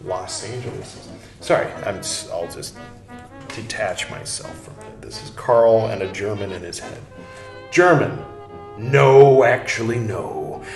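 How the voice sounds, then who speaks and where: A man's voice: fairly low pitch, lively intonation, unhurried. A man hosting a podcast, reading a text aloud with wry, irreverent asides and some swearing. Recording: roomy echo, faint music.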